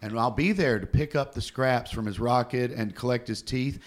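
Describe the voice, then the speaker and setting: A man co-hosting a casual chat, rambling and animated as he tells stories and laughs. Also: medium pitch, normal speed.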